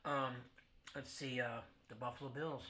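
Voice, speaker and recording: A man's voice: medium pitch, steady tone, moderate pace, sharp tone. A man hosting a football talk show, ranting bluntly with lots of fillers and swearing. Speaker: sports podcast host. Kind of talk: casual sports rant.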